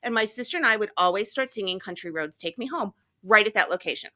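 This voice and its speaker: A middle-aged woman hosting a podcast, talking in an animated way and acting out the quotes in her stories. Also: mid-range voice, quick pace. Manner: animated storyteller who acts out quotes. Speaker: podcast host. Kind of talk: casual chat.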